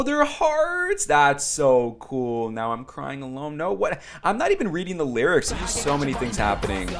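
A young man giving casual reaction commentary on a music video, chatty and excitable, talking straight to his viewers. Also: on the low side. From Italian background. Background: music video playing.

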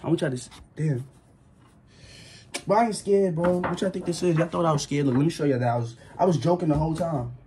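A man's voice: fairly high pitch, racing, few pauses, background noise. A nervous young man vlogging casually, insisting he isn't scared and yelping now and then. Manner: jittery, keeps insisting he isn't scared, yelps.

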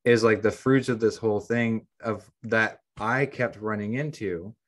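A podcast co-host with a fairly low, unhurried voice retells a story casually, rambling along with lots of ums and restarts.

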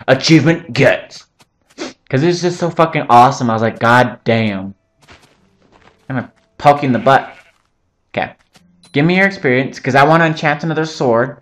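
A man's voice: a little high, fast, a bit bright, soft background music. A young man giving casual, joking commentary over his own gameplay, rambling between topics and swearing often. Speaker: gaming channel host.

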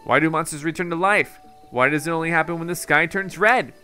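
A man's voice: on the high side, fairly quick, bright, forceful tone, faint music behind. A man voicing an obsessive male scholar who lectures dramatically and emphatically. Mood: lecturing. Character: obsessive scholar of a mysterious phenomenon, indignant.

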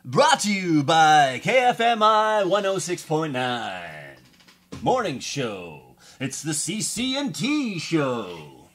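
Brief: booming radio announcer, bright and lively, as a man puts him on. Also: takes it slowly, heavily acted. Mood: announcing. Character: smooth male radio announcer.

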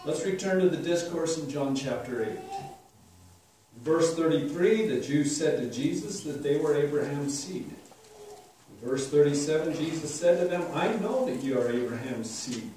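A man preaching a sermon, expounding scripture slowly and deliberately with emphatic declarations. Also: a little high, animated, dark tone, slight background noise. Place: church sanctuary. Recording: echoey hall, distant mic, faint ambience.

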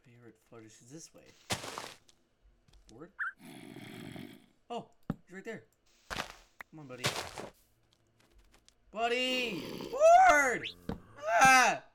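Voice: medium pitch, very animated, slow, long pauses, heavy background noise. A gamer giving jumpy, unscripted let's-play commentary while talking to the game.

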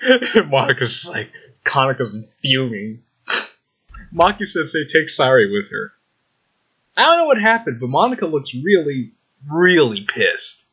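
A man hosting a let's play, reading a visual novel aloud with excitable, swearing reactions. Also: medium pitch, a little slow, husky. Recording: slightly dull with game music.

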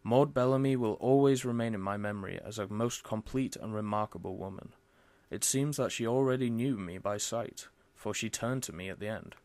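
A man reading a classic detective story aloud in a measured, formal manner. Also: lowish voice, no room sound. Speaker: audiobook reader. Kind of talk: scripted narration.

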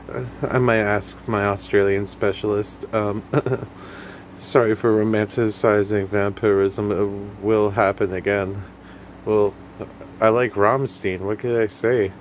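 A man's voice: fairly low pitch, flat delivery, unhurried, a little hiss or hum. A young man hosting a comedy video, rambling through memes in a goofy, self-mocking way. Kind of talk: casual meme commentary.

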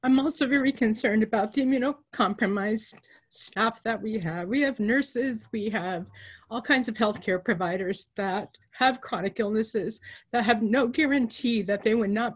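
A woman who works as a nurse and represents nurses, speaking earnestly and with emotion at a virtual town hall, with pauses and fillers. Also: a little high, breathy edge.

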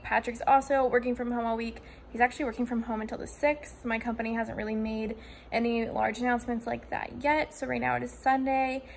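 Brief: young woman, fairly high voice, chatty home vlogger, noisy camera audio. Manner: chatty, filler-heavy. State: out of breath. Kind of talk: casual vlog chat. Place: at home in an apartment. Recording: home camera audio with clear background noise.

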